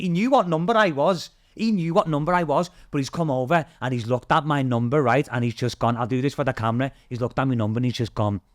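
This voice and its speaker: A man with a British accent, a podcast guest telling a story in a casual, animated way, swearing freely and acting out what other people said. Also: mid-range voice, no room sound, studio quality. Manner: animated, swears freely, acts out quoted voices.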